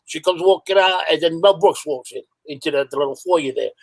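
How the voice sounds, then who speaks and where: His voice is on the high side, creaky and brisk, and the recording is rough. He's a middle-aged New Yorker, a hardcore musician appearing as a guest, who chats casually and tells profane, rambling stories.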